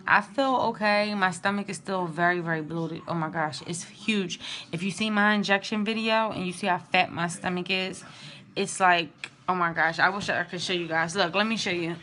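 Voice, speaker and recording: A young woman vlogging casually and candidly about her day, sounding drained and low on energy. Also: sharp tone, slight background noise. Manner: chatty, candid and emotional. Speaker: vlogger sharing IVF updates. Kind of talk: casual vlog.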